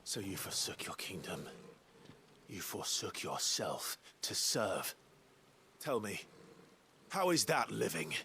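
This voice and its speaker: Defiant young warrior, deep, bright-edged, lively delivery. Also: male voice, takes it slowly, gravelly, pauses often, slight background noise, full character voice. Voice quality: firm and defiant. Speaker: game character.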